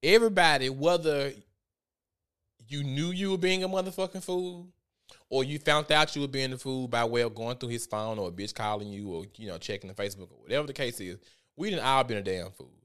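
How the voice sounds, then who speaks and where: A man giving casual commentary on a vlog, animated and profane as he tells a story. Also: mid-range voice, fairly quick, clean tone. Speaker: vlogger.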